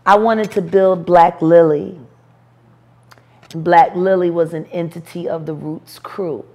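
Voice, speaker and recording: A woman in her forties, an interview guest, telling stories in a brash, profane, animated way with bursts of laughter. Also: fairly low pitch, takes it slowly. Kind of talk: storytelling interview.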